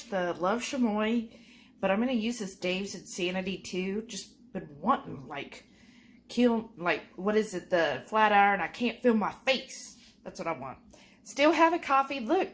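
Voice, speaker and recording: A woman's voice: medium pitch, slight background noise. A woman, chatting casually to her viewers in a food vlog at home. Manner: chatty, folksy, warmly addresses viewers as y'all. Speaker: keto food vlogger.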